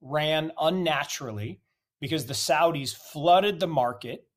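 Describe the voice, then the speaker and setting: A man with a somewhat high voice delivers forceful, opinionated market commentary. He presses his points with strings of rhetorical questions and blunt declarations. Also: a little slow. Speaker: guest commentator.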